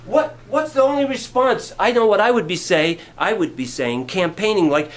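Animated high-voiced male preacher. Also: normal speed. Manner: animated, acts out quotes. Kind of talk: sermon.

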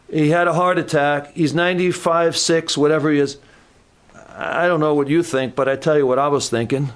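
A male pastor delivers a sermon in a casual, conversational style, telling stories from the pulpit. His voice sits a little high for a man. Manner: conversational storytelling preacher.

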